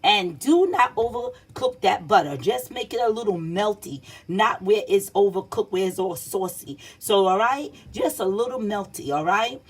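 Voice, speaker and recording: A woman's voice: medium pitch, expressive, moderate pace, hardly any pauses, slightly rough. Chatty woman demonstrating in a kitchen. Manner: chatty and repetitive, checks in with "see?" and "all right?"; teacherly, speaks directly to children and teenagers. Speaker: home cook. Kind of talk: casual cooking demonstration. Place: home kitchen.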